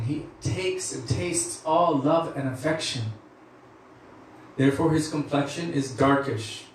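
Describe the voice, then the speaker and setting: A man's voice: a little high, a little hiss or hum. Man lecturing in an echoey hall. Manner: measured, explanatory, drawn-out phrases. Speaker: devotional lecturer. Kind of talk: devotional storytelling lecture. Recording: echoey room from far off.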